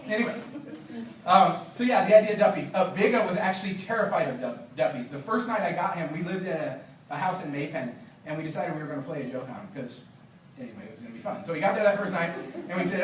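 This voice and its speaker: A man, an author, telling stories and reading his book aloud to a library discussion group in an animated, laughing manner. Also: a little high, quick pace, a little hiss or hum. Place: library meeting room. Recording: roomy, distant, faint background.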